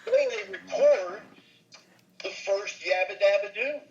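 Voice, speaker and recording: A man's voice: high-pitched, slow, highs cut off. An older man, a voice actor and comedian, telling show-business stories in an interview and slipping into character voices. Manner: animated, slips into character voices. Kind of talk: anecdotal interview storytelling.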